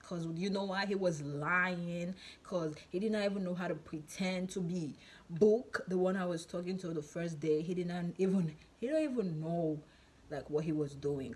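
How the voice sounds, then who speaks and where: Chatty woman telling a storytime, low voice. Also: a little mellow, slightly rough. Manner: chatty, rambling, many fillers and repeats. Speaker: vlogger. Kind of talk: casual storytime.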